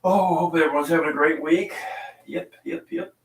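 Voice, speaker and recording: A man's voice: fairly high pitch, normal speed, far from the mic. A middle-aged man hosting a casual chat, rambling and telling stories with lots of ums and uhs. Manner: rambling, chatty storytelling with many fillers. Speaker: podcast host and small coffee seller. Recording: roomy echo, voice away from the mic.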